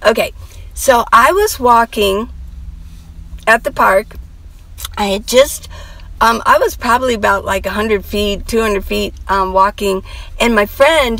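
Chatty middle-aged woman with a gravelly voice. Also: fairly high pitch, a bit bright, rough recording. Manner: rambling, chatty, full of asides and quoted dialogue. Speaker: vlogger. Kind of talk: casual storytelling vlog.

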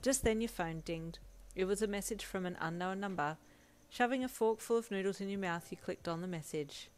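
A woman reading a fanfiction story aloud in steady, gentle second-person narration. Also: fairly low pitch, fairly quick. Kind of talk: scripted narration.

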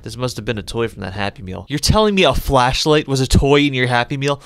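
A man's voice: animated, fast talker, a bit bright, smooth, no room sound, studio quality. Profane joking man playing a horror game. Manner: profane, joking, jumps to high yelps when scared. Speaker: gaming YouTuber. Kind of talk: horror game let's play commentary.

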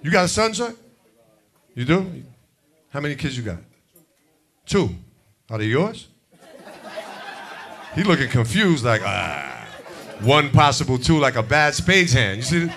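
A man's voice: mid-range voice, moderate pace, pauses often, a faint crowd, a little hiss or hum. A man hosting a comedy show, doing brash stand-up and talking to the audience from a stage mic. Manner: brash, animated, talks to the audience. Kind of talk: stand-up comedy and crowd work.

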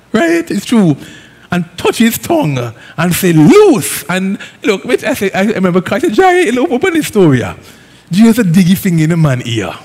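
A man with an Antiguan accent preaching a sermon as a pastor, lively and conversational, with Caribbean phrasing. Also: high voice, husky. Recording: long hall reverb.

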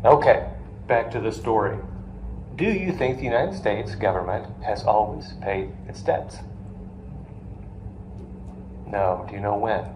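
With a lowish voice, an unhurried pace and long pauses, a male finance lecturer tells stories to a live class, quizzing the students and adding playful asides. Faint noise sits in the roomy classroom sound.

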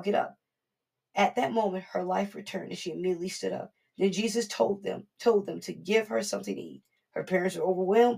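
A woman preaching in a casual, earnest way, her voice gravelly with a husky edge. She talks to the congregation directly and slips into little acted voices for the people she quotes. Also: medium pitch, a little mellow. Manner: informal and earnest, acting out quoted voices, frequent restarts. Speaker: prophetess preaching. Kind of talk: conversational sermon.

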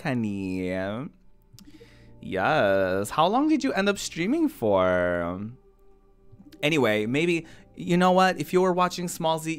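Giggly, excitable woman streamer. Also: a bass voice, clear, resonant tone. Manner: giggly and excitable, with sudden squeals. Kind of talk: casual live-stream chat over gameplay.

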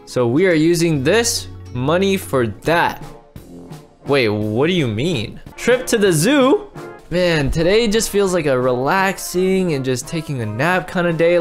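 An excitable man talks his way through a game roleplay, often repeating himself and restarting his sentences. His pitch jumps around a lot, and there is faint music playing quietly in the background. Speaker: roleplay narrator and player. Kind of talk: casual Minecraft roleplay narration.

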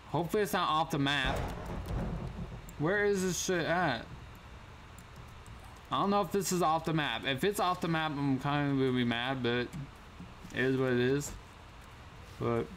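This young gaming channel host has a mid-range, fairly bright voice, with slight background noise in the audio. He commentates casually on a survival game in slangy language, now and then letting out a sudden startled yelp.

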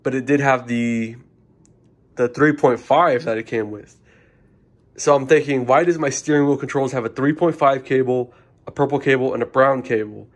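A man's voice: medium pitch, moderate pace. A young man casually explaining a car radio install, rambling and informal, often correcting himself. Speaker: car audio DIY reviewer.

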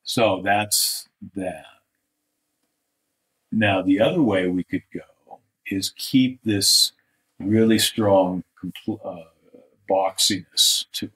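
A male art instructor critiques drawings live, thoughtful and halting, often trailing off into soft mutters. His voice is low, and the audio is poor.

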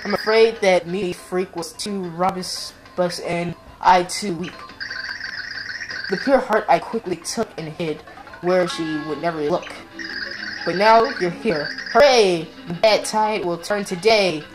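A woman's voice: fairly low pitch, low-quality recording. A woman putting on a British-accented hiding lady. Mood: rhyming. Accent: British, put on. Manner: slow, rhyming recital. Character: timid female figure hiding in a mansion. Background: game music.

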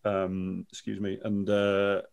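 Lively, low-voiced British-sounding man talking. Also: slow, creaky, clean tone. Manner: animated, emphatic, with frequent restarts. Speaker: guest broadcaster. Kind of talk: casual podcast conversation.

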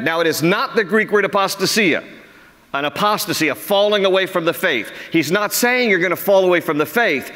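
Brief: middle-aged American man preaching, lively swooping pitch, a bit high, long church reverb. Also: brisk. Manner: animated, acts out quotes in raised voices. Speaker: pastor. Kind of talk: sermon.

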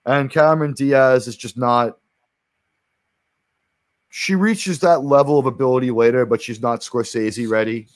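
A man's voice: mid-range voice, measured pace, long pauses, dry recording. A man from New York City hosting a stream, chatting casually about movies, rambling with many restarts and the odd swear word. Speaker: stream host.

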